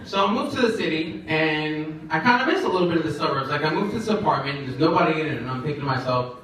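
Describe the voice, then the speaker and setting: High-voiced man doing rambling stand-up. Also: animated, a bit bright, slight background noise. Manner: rambling, halting storytelling with many fillers. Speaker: stand-up comedian. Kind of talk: stand-up comedy set. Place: comedy event in a shared office space. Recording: echoey room from far off, audience laughter. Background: audience laughing.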